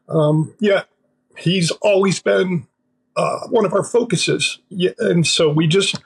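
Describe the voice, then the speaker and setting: A middle-aged man speaking as an interview guest, halting with emotion, his voice breaking, with many pauses and restarts. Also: on the high side, gravelly, slightly rough, poor audio.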